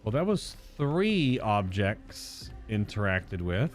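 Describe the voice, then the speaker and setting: A man's voice: on the low side, very animated, takes it slowly, faint music behind. A man giving casual, playful commentary while playing through a video game, joking and thinking aloud as he explores. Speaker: let's play host.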